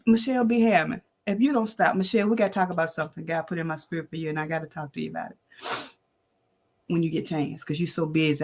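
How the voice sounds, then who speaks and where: Gravelly-voiced woman in her sixties. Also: low voice, fairly even intonation, fast, darkish tone. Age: 60s. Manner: preachy and familiar, greets viewers by name, laughs often. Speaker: host of an online inspirational show. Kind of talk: faith-based livestream talk to viewers.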